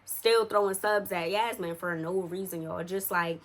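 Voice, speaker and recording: A woman's voice: lowish voice, moderate pace. A young adult woman telling a story in a casual, chatty way, speaking straight to her viewers with plenty of slang.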